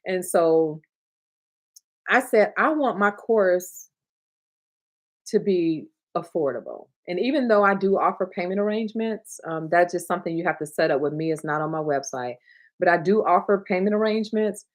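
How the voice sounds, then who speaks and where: A woman's voice: lowish voice, lively intonation, normal speed. A middle-aged woman from Michigan chatting casually on a livestream, talking to her viewers and laughing often. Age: 30s to 40s. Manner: chatty, warm, talks to chat, laughs often, gets emotional. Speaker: livestream host, notary signing agent trainer.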